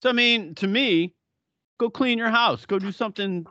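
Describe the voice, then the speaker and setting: A man's voice: sits high, moderate pace, sharp tone, no echo, muffled recording. A middle-aged man co-hosting a podcast in casual chat, blunt and profane, often laughing. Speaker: podcast co-host.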